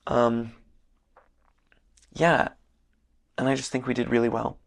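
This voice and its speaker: A young man from Northern Michigan hosting a casual solo podcast, rambling earnestly with many fillers, his voice hoarse and worn. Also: mid-range voice, flat delivery, unhurried, long pauses. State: losing his voice, slightly hoarse. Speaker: podcast host. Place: hotel room.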